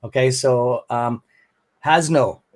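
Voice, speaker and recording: A man's voice: mid-range voice, slow pace. A man with a Canadian accent hosting a casual live stream and talking to viewers, rambling and friendly, calling them brother and bud. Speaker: stock trading stream host.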